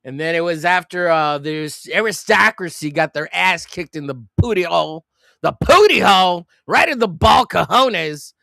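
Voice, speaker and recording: Man, crude joking streamer, rambling chat, gravelly, bright and tense, dry sound. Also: high-pitched, expressive, normal speed, dry recording. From United States. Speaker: live-stream host drawing comics. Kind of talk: casual rambling chat while drawing.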